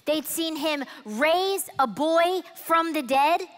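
A woman preaching a sermon at a church event, telling the story in an animated, conversational way. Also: sits high, slow, in a large hall. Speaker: women's ministry speaker. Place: church event hall with audience.

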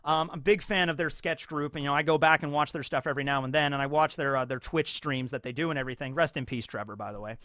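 A man rambles through casual anime commentary, animated and full of fillers. His voice sits high and sounds bright and forward. The recording is close and dry. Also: fast talker, few pauses, dry recording.

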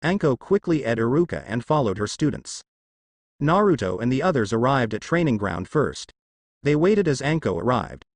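A man reading fan fiction aloud as narrator, in a lively, sing-song delivery. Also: mid-range voice, moderate pace, no echo.

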